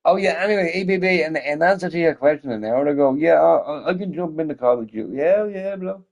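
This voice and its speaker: A drunk man streaming games, rambling loosely, swearing often and repeating himself as he swings between loud outbursts and mumbling. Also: fairly high pitch, fast, creaky. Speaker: gaming streamer. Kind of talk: rambling casual livestream chat.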